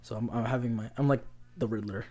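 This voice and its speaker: A young man co-hosting a podcast, telling stories in casual chat with lots of restarts and an animated, rambling delivery. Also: mid-range voice, quick pace. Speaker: podcast co-host.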